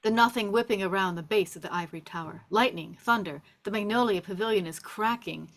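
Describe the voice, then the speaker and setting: A woman reading the stage directions in a table read, with steady, descriptive narration. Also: medium pitch, fairly quick, creaky.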